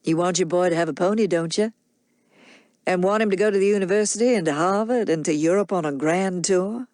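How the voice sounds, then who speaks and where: A woman voicing a smooth, crafty grown man who coaxes and persuades without hurrying. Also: on the low side, a little fast, a little mellow, dry recording, natural voice. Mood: persuasive.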